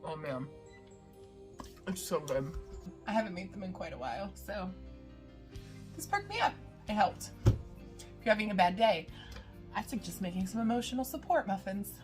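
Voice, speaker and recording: A baking vlogger casually walks through a recipe in her home kitchen, chatty and meandering, full of "uh"s and giggles. Her medium-pitched voice has a darkish tone and normal speed, with long pauses and faint music in the background.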